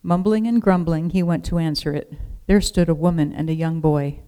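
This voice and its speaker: A storyteller reading a storybook aloud in a calm, measured way. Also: medium pitch, clear, resonant tone.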